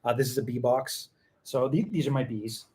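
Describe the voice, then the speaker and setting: A man's voice: mid-range voice, moderate pace, warm tone. A man hosting a casual tea tasting chat, rambling and repeating himself for emphasis. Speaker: tea seller and show host.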